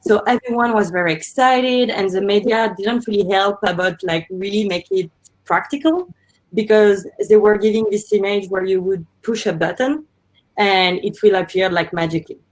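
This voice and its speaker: A woman's voice: medium pitch, normal speed. A woman founder speaks on a panel, explaining her points earnestly with small fillers. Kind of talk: panel discussion. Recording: muffled lo-fi audio.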